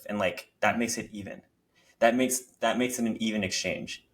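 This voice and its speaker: A man's voice: fairly low pitch, fairly even intonation, moderate pace, fairly bright tone. A young man, a guest on a podcast, reflecting openly and searching for words in a casual conversation.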